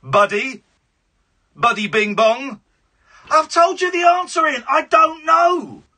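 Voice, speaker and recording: A man's voice: extremely high pitch, lively intonation, slow, pushed and bright. Sarcastic man hosting radio. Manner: combative, sarcastic, mocking. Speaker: radio phone-in host. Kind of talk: live radio phone-in argument.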